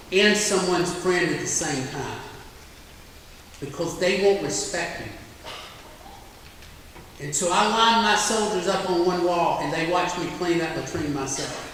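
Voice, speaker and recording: A man's voice: sits high, slow pace, long pauses, a bit bright, slight background noise. A middle-aged man, a military veteran giving a plainspoken storytelling speech. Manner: plainspoken, anecdotal. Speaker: military veteran guest speaker. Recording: echoey hall from far off.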